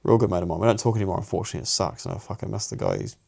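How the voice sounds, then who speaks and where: A man's voice: low voice, big pitch swings, very fast, gravelly, a little mellow, slightly rough. A young man with a New Zealand accent, co-hosting a podcast and telling a personal story in slangy, sweary, casual chat, often restarting his sentences. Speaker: podcast co-host.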